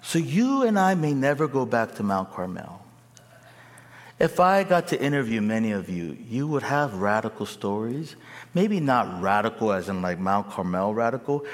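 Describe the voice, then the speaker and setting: A male preacher delivers an animated sermon, his pitch rising and falling widely. He calls on the crowd to answer him. His voice rings with long reverb in a large hall. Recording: echoey hall.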